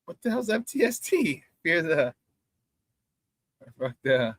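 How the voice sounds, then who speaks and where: A man hosting a casual sports talk show, animated, laughing easily and greeting viewers by name. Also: on the high side, slow pace, no room sound, studio quality.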